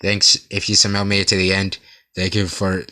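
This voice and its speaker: A young man giving a rambling class presentation about an artist, in a monotone with frequent stutters and restarts. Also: deep voice, brisk. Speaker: student presenter.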